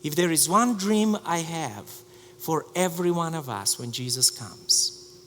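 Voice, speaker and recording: Male pastor, high voice, animated storyteller, long hall reverb. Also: measured pace, slight background noise. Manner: storytelling, animated with many restarts. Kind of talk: sermon. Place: church sanctuary.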